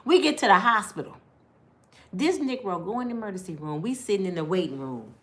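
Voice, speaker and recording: Brief: lively woman recounting a story to listeners, bright and forceful, swings from hushed to loud. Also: mid-range voice, fairly quick. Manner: animated, acting out voices, laughs; colloquial, addresses listeners directly. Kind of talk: personal storytelling.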